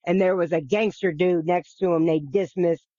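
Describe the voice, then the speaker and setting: A podcast host at normal speed, his medium-pitched voice steady and dark, retells a bible story in an earnest, casual manner. He keeps restarting, repeating, and occasionally swearing. It's a dull, dry lo-fi recording.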